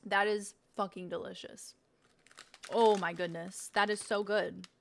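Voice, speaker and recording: A woman's voice: mid-range voice, fairly even intonation, unhurried, vocal fry, a little hiss or hum. A young woman streaming, chatting casually and swearing a lot while she tastes snacks. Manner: chatty, swearing, laughing, talking while eating. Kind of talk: casual unboxing stream chat.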